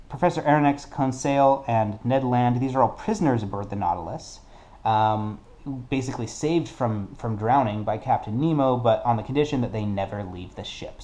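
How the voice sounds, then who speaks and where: A man's voice: mid-range voice, warm tone. A man playing a solo tabletop game and explaining its rules in a casual way, thinking aloud and correcting himself as he goes. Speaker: board game player.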